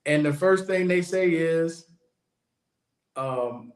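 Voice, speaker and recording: Guy hosting his podcast, ranting bluntly, kinda high voice, roomy echo. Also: takes it slowly. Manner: blunt, opinionated, repeats points for emphasis. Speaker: podcast host. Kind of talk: casual monologue. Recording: echoey room.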